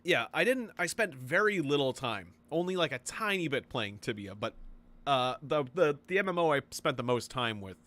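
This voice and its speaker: A man casually commenting as he plays a video game, rambling through memories and reacting excitably. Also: medium pitch, moderate pace. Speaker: gaming video host. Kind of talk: casual let's-play commentary.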